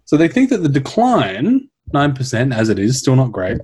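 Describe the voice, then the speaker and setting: A man spins a science story on a podcast with wry, sweary humor. His pitch jumps all over the place, and his voice sounds a bit husky. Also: normal speed. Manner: wry, animated storyteller who swears and jokes. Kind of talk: casual comedic science chat.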